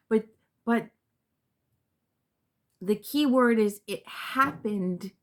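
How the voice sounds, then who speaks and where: A woman giving a spiritual tarot reading to her viewers, reflective and earnest, often repeating words and trailing off softly. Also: a little high, extremely slow, pauses often. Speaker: tarot reader.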